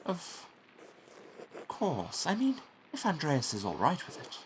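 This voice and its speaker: A man's voice: on the high side, huge pitch swings, takes it slowly, noisy background, pitched above the performer's own voice, heavily acted. A man voicing a nervous older abbot who fawns over a nobleman and tries to placate him. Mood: placating. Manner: obsequious, placating.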